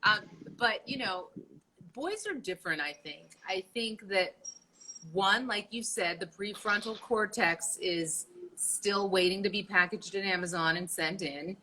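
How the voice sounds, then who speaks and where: Bright-voiced woman with wisecracking asides. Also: medium pitch, animated, a little slow, slight background noise, poor audio. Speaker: podcast co-host. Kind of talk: casual chat.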